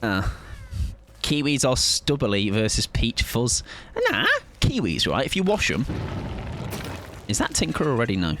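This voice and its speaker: A man's voice: medium pitch, sing-song, unhurried, pauses often, fairly bright tone, a little hiss or hum. A man in his thirties chatting casually and joking with his audience while streaming a game. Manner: joking, self-mocking banter with chat. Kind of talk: casual chat while gaming.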